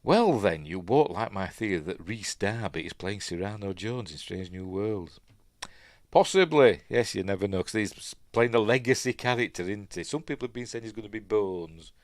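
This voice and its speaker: Yorkshire man, low voice, dry close sound, chatty rambling live commentary, lots of ums. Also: expressive, normal speed, dry recording. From Yorkshire, England. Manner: rambling, chatty, lots of fillers, self-correcting. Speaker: host. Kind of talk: casual live commentary while watching.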